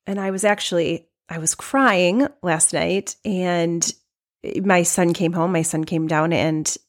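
A middle-aged woman with a fairly low voice hosts her own podcast. She sounds sad and speaks openly and reflectively, often starting over mid-sentence. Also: takes it slowly. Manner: open, reflective, with many restarts and soft laughs. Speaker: podcast host and life coach. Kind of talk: personal podcast monologue.

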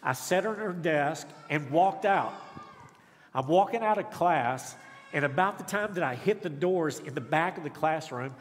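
A middle-aged guest speaker preaches a sermon in a church sanctuary, telling folksy, self-deprecating stories with humor as the congregation responds. His high-side voice is lively and moderately paced, with long church reverb and a little hiss or hum.

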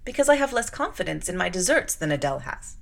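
A woman reading the lines of a reserved young governess in a polite, measured, formal way, in an audiobook. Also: lowish voice, sing-song, creaky, a bit bright, voice pushed up, exaggerated voice. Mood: composed.

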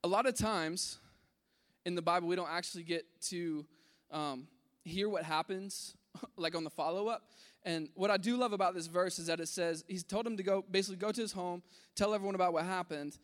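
A man preaching a casual sermon to a room, animated, acting out voices in his story and dropping to a hush at key points. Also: high-pitched, a little fast, big-room sound. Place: large room with an audience.

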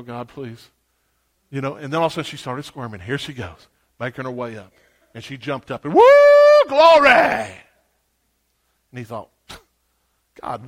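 A man with a high voice preaches a sermon. He tells his story with lively swings, dropping to hushed asides and then rising into loud exclamations.

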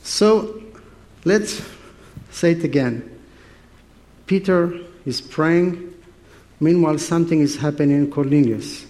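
A male preacher delivers a sermon, his voice sitting a little high. He tells the story with animated, playful energy and talks straight to the congregation.

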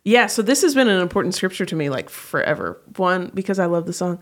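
A woman hosting a podcast, chatting casually and reading scripture aloud at an unhurried pace. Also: lowish voice, sing-song. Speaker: podcast host.

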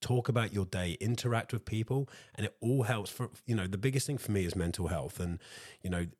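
A very low-pitched man chatting away on his own podcast, talkative and casual, often calling his listeners guys. His voice is close and dry, with no room sound around it. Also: fairly quick, darkish tone, dry recording. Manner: talkative, addresses listeners as guys, repeats himself. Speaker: podcast host. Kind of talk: solo motivational podcast chat.

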